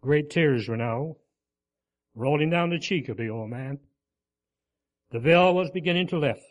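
A man narrating a sermon story in an earnest, measured way. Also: on the high side. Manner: earnest, measured, dropping soft at solemn points.

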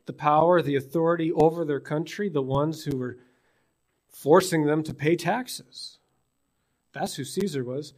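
Chatty pastor, slightly high voice. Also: male voice, measured pace, a little mellow. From British Columbia, Canada. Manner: conversational, asks the congregation rhetorical questions. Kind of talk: sermon. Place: church in Newfoundland.

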